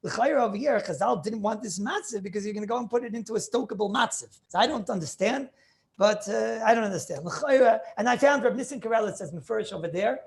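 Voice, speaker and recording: A man's voice: high-pitched, fast talker, creaky. A man teaching a class as a rabbi, lecturing on religious law, emphatic and thinking aloud as he questions his students over a video call.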